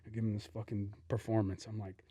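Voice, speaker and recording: A man's voice: lowish voice, level tone, fast, dark tone, dry recording. Profane storytelling man, dry room. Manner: profane storytelling, acts out quotes. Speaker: podcast co-host and lawyer. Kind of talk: casual podcast chat.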